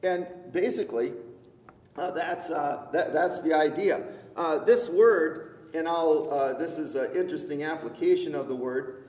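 A man preaching a sermon in a church, talking in a halting, conversational way full of fillers and restarts, with gentle humor. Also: a little high. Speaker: pastor. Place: church sanctuary. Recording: echoey hall, distant mic.

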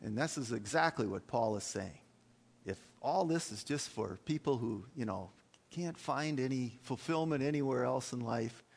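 Gravelly preaching man in a reverberant church. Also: medium pitch. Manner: emphatic preaching with many fillers and restarts. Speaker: pastor. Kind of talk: sermon.

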